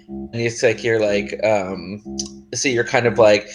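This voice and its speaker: Excitable rambling podcast man. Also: fairly low pitch, a little slow, over music, low-quality recording. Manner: excited, rambling, swears casually. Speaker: podcast co-host. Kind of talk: casual chat.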